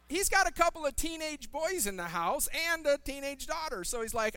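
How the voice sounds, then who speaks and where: High-voiced pastor preaching with humor. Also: male voice, animated, fairly quick, few pauses, pushed and bright, clean tone, no echo. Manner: humorous storytelling with shifting character voices. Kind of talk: sermon.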